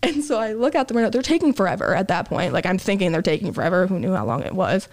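A young woman at a middle pitch tells a long story in a loose, chatty way. She says "like" a lot and acts out what people said. Her voice sits in the usual range for a woman. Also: animated, fast, darkish tone. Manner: chatty, lots of "like", acts out quotes. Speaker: podcast co-host. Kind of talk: casual storytelling chat.

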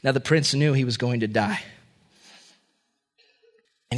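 A male pastor telling a dramatic story in a sermon and praying, swinging between raised and hushed delivery. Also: mid-range voice, a little slow.

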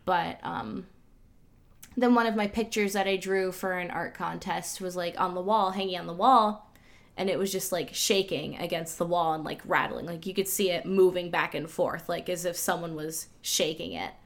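A woman's voice: on the low side, steady tone, moderate pace, vocal fry. Podcast guest, woman, chatty storyteller, loose and filler-heavy. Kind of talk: casual storytelling.

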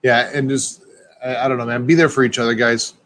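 Excitable rambling man in casual chat. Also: medium pitch, fairly quick.

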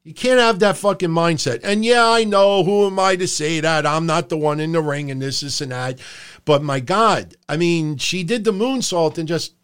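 Man, middle-aged, podcast host, animated, profane, rambling, slightly high voice, home room. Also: moderate pace, clean tone. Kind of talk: casual live-stream commentary. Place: home room under hot lights.

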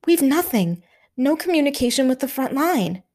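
A woman's voice: sits high, unhurried, a little mellow, voice pushed up. A woman voicing a grave male army officer who bellows urgently over the noise of battle. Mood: aghast.

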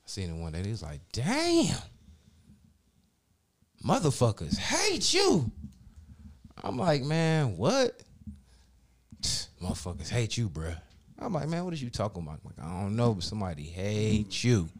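Low-voiced male host, casual and profane storyteller who animates his quotes. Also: darkish tone. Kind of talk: casual chat.

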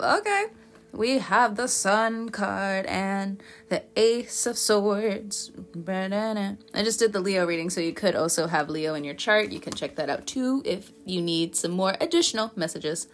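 A chatty woman gives a tarot reading in a loose, conversational way, laughing often and scolding her listeners in fun. Her voice sits at an ordinary middle pitch. Soft music plays faintly underneath. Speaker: tarot reader.

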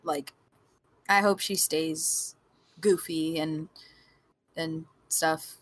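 A young woman co-hosting a podcast over a remote call, talking in a rambling, animated way with many fillers. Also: sits low, extremely slow. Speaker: podcast co-host. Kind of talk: casual chat. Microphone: remote call mic.

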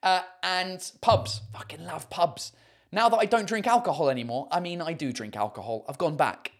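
A man's voice: on the high side, normal speed. A man hosting a casual livestream chat, rambling with many fillers and swearing freely. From United Kingdom. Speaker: host.

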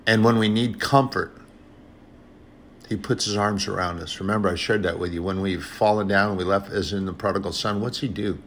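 A man's voice: on the low side, steady tone, moderate pace, fairly bright tone, a little hiss or hum. A man preaching an informal sermon in an earnest, conversational way, often repeating phrases and addressing brothers and sisters.

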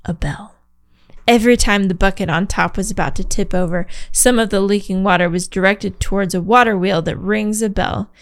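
A woman co-hosting a podcast, reading a story aloud with animated, giggly asides. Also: mid-range voice, normal speed. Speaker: podcast co-host.

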